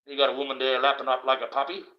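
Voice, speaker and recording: A masked man hosts a livestream from indoors, preaching a rambling, blunt and profane monologue. He speaks very fast in a monotone at medium pitch, and the livestream audio sounds dull and lo-fi.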